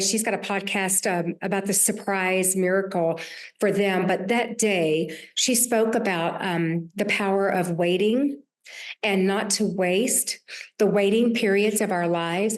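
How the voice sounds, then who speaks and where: A woman in her sixties with a Southern US accent, a podcast host talking earnestly about her year, with many restarts. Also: medium pitch. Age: 60s. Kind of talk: reflective conversation.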